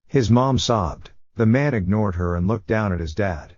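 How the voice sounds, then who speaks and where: Low-voiced man narrating a story. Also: normal speed, few pauses, a little mellow. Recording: dull dry lo-fi recording.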